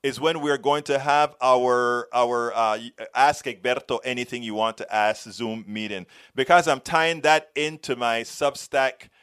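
A man's voice: mid-range voice, fairly even intonation, measured pace, few pauses, a bit bright, smooth. A middle-aged man from Panama with a Panamanian accent, hosting a political show and reading viewer comments in a rambling, stumbling way. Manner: rambling, restarts and stumbles often. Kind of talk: live-stream chat reading viewer comments.

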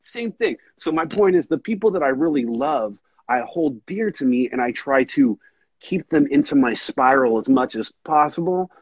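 Man, husky voice, rambling earnest podcast chat, dull dry lo-fi sound. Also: mid-range voice, expressive, normal speed, no room sound. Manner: rambling, earnest, says dude a lot. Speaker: podcast host. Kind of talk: casual chat.

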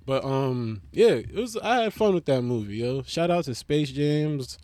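A man's voice: medium pitch, expressive, unhurried, darkish tone, dry recording, studio quality. A man talking in a casual, joking monologue, heavy on slang and swearing and full of digressions. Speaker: vlogger reviewing a movie.

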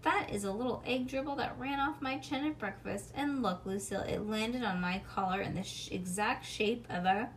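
A woman voicing a scheming, superstitious little boy who speaks in a hushed, theatrical way. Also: mid-range voice, normal speed, hardly any pauses, far from the mic, a little hiss or hum, natural voice.

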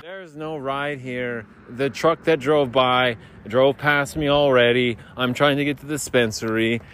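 A man rambling through improvised comedy skits outdoors at night by a road, lurching between loud outbursts and muttering. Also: medium pitch, steady tone, normal speed. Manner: rambling, repetitive, erratic shifts between shouting and muttering. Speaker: podcaster. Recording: faint background noise outdoors.

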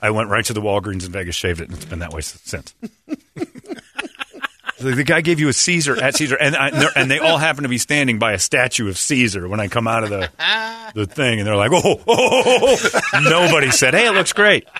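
Male host, rambling blunt storyteller, animated delivery. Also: mid-range voice, fast talker, a little hiss or hum. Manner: rambling, blunt storyteller who acts out quotes. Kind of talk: casual chat.

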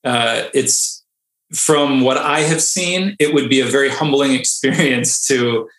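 A man who is a Navy diver, a podcast guest telling a story in a casual, animated way and often laughing. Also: medium pitch, a little slow. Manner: animated, laughing, acts out quotes. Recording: echoey room.

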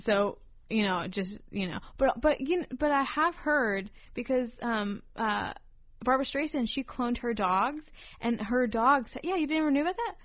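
A woman's voice: fairly high pitch, expressive, moderate pace. A woman co-hosting a podcast, chatting in a silly, playful way with rambling asides. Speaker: podcast co-host. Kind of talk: casual chat. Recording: dull lo-fi podcast recording.

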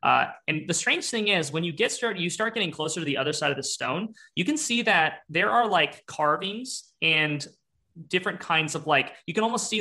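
A man's voice: fairly high pitch, creaky, sharp tone. A young man narrating as game master, rambling and descriptive with many fillers.

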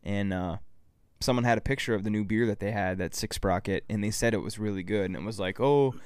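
A man talks casually on a podcast, telling a story and setting up a clip for the group. His voice is smooth and resonant, recorded dry and close. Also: on the low side, fast talker, no room sound. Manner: relaxed, storytelling, sets up clips for the group. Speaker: podcast co-host.

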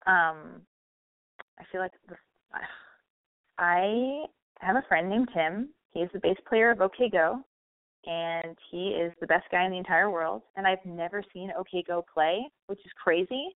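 An American woman in her thirties with a slight lisp hosts a podcast, speaking a little slowly at a fairly low pitch. Her casual monologue rambles, swears freely and pokes fun at herself. The dry recording has a tinny, phone-like sound.

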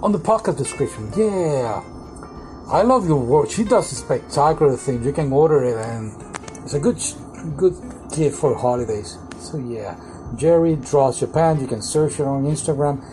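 Podcast co-host, casual chat, loose and rambling, soft guitar music behind. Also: mid-range voice, animated, moderate pace, rough recording. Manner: chatty and loose, with restarts and small grammar slips. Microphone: phone nearby on desk.

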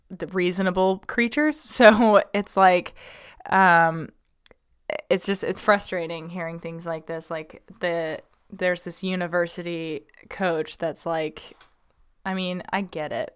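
A woman's voice: on the low side, clear, resonant tone. A young woman hosting a casual podcast, reading out a listener's question and chatting about it with many ums and likes. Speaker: podcast host.

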